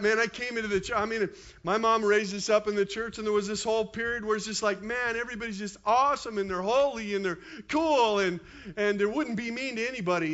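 Pastor, male, 50s, high voice, chatty sermon delivery, slightly dull recording. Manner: animated, conversational preaching with asides.

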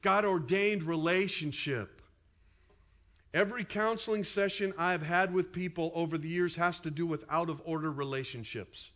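A man in his fifties preaching a sermon as pastor, in an animated, conversational way with quick asides to the congregation. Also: a little high, dull audio.

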